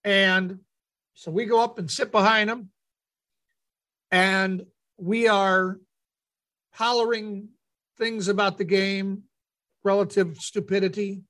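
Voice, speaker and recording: A man hosting a radio talk show, telling a lively anecdote and acting out what people said. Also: high-pitched, takes it slowly, long pauses. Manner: animated anecdote teller, acts out quotes. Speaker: radio host. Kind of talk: casual storytelling on air.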